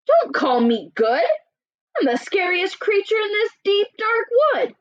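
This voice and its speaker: A woman voicing a small, clever male mouse in a read-aloud picture book, speaking in a squeaky, boastful way. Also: big pitch swings, unhurried, no echo, dull audio, full character voice.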